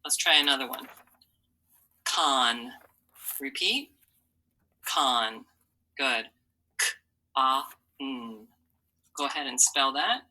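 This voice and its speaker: Slow, low-pitched woman teaching phonics. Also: lively intonation, sharp tone, poor audio. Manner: slow, patient, encouraging, sounds out letters. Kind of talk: phonics lesson for children.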